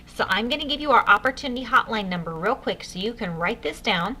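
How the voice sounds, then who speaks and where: A woman's voice: fairly high pitch, lively intonation, fast, pushed and bright, a little hiss or hum. A woman leading a sales training session for new consultants, upbeat and coaching, speaking straight to her listeners. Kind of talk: enthusiastic sales training talk.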